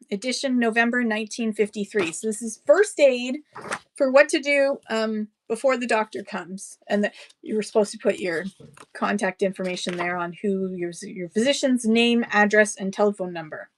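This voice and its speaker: A woman's voice: medium pitch, moderate pace, a little hiss or hum. A woman running a live-stream book sale, chatting casually with rambling asides and thanking buyers by name. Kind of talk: casual live-auction selling chat.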